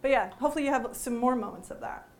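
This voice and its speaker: A woman teaching a workshop to a live audience, lively and joking, often putting questions to the room. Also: on the high side, rapid-fire. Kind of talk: interactive workshop talk.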